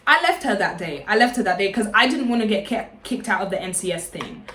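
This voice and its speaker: Loud chatty woman, echoey room. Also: mid-range voice, big pitch swings, quick pace, a little hiss or hum. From London. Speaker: vlogger. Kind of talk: casual storytime.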